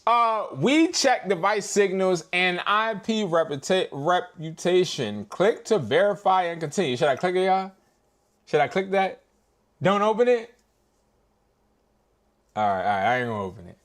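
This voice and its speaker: Casual male streamer: slangy and exasperated, with a high voice that swings widely. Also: sing-song, a little slow, long pauses. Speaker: reseller and wholesaler hosting a live stream. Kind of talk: casual live-stream chat.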